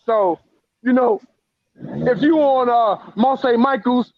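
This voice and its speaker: High-voiced, blunt New man. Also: animated, slow pace, creaky, no echo, narrow, tinny audio. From the Bronx, New York. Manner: blunt and profane, heated, emotional. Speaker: guest author. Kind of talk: casual interview storytelling.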